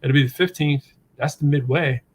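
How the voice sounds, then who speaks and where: A man's voice: fairly high pitch, normal speed, a little hiss or hum. A man hosting a live show, rambling and joking in loose, casual banter. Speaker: show host.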